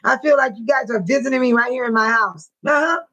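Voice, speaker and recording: An older woman hosting a casual livestream from home, talking straight to her viewers in chat, emotional and quick to bless and pray. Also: fairly high pitch, a bit bright, poor audio. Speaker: livestream host.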